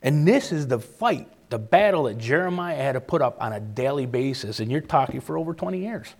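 A man's voice: medium pitch, lively intonation, fairly quick, gravelly. A man preaching a sermon, repeating key phrases for emphasis and acting out the voices of people he quotes.

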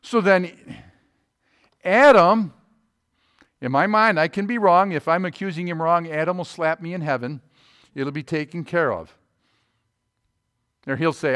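Brief: male pastor, slightly raised pitch, folksy talk-to-the-pews sermon with loud stresses and hushed asides. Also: a little slow, long pauses. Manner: folksy, asks the room rhetorical questions; swings between loud emphasis and quiet low asides. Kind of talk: conversational sermon.

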